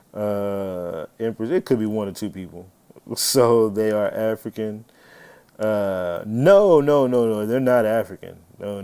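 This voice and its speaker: A man's voice: fairly low pitch, mellow, smooth. A man hosting a live stream, chatting casually and swearing freely, greeting viewers by name. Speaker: livestream host.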